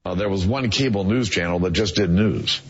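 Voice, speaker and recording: A man answering interview questions in a halting way, with many fillers, in a clip played on the radio. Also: sits low, husky. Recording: dull lo-fi clip played on air.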